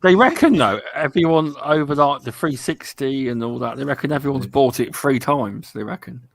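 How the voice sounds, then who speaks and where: A man co-hosting a casual gaming podcast, chatty and animated when telling a story. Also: medium pitch, moderate pace, creaky, dry recording.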